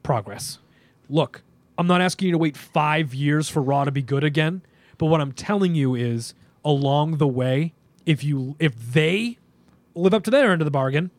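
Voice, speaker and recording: A young man co-hosting a podcast, talking in an animated, opinionated, rambling way with plenty of fillers. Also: fairly high pitch, moderate pace, dry recording. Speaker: podcast co-host. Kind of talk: casual podcast chat.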